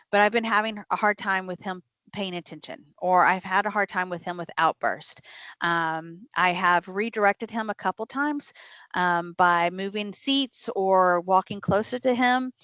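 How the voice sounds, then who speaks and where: A woman's voice: mid-range voice, a bit bright, dry recording. A middle-aged woman leading a teacher training session, talking conversationally, reading out audience questions and often checking in with "right?". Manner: reads audience questions aloud and answers them.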